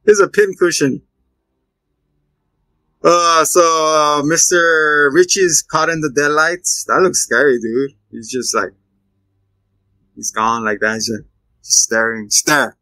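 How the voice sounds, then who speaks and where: A man chatting casually as a podcast co-host, retelling a film with animated character voices. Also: on the high side, slow pace, long pauses, dry recording, poor audio. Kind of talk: casual chat.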